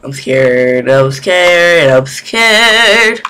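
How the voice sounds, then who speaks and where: A man's voice: a little high, slow. A man playing a horror game on stream, jumpy and repeating himself whenever he gets scared. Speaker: gaming video creator. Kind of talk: horror game let's-play commentary. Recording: keyboard typing noise behind voice.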